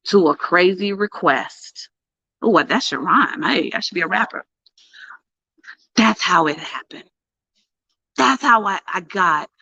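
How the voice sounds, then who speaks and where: A middle-aged woman and PR coach telling a story to camera in a casual, animated way, with emphatic bursts and hushed asides. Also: lowish voice, no room sound. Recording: dull lo-fi, dry sound.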